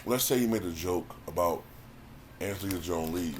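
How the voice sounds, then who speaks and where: A man with a low, deep voice talks through a casual review like he's chatting with viewers. He is conversational and often repeats words while he gathers his thoughts. A faint background hiss sits under the recording. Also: normal speed. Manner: conversational, repeats words when thinking, frequent "you know what I'm saying". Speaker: YouTube commentator reviewing a stand-up special.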